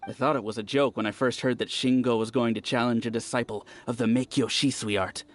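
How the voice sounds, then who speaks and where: A man's voice: mid-range voice, fairly quick, natural voice. An actor playing a friendly, talkative young villager in a video game, eagerly recounting what he saw. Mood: chatty. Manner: chatty, animated storytelling.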